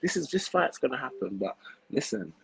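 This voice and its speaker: A man's voice: fairly high pitch, very animated, a little fast, gravelly, breathy edge, low-quality recording. A man calling into a boxing live stream, speaking bluntly and insistently in casual chat. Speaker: caller joining a live stream.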